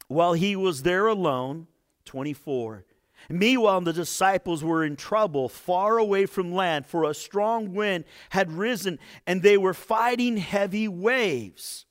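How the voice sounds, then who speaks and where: A man preaching a sermon, retelling a Bible story and explaining it. He lifts his voice to stress a point and drops to a near hush. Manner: expressive, rises for emphasis and drops low to a hush. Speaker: pastor.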